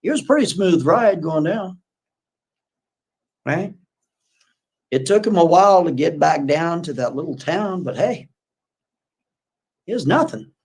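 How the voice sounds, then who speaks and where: A man's voice: a little high, expressive, measured pace, pauses often, a little mellow, husky. A man casually retelling a story on a live stream, rambling and folksy, with lots of asides.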